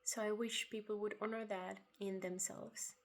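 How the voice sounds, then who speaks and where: A writer shares spiritual reflections in a monologue, speaking softly and unhurriedly with long pauses, occasional breathy half-whispers and quiet laughs. Her voice is mid-range with a flat delivery.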